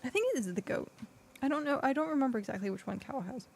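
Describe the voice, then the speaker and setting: A woman's voice: high voice, animated, fast, gravelly. A woman streaming a game, chatting casually and thinking aloud with lots of fillers. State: hiccuping. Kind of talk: casual gameplay chat.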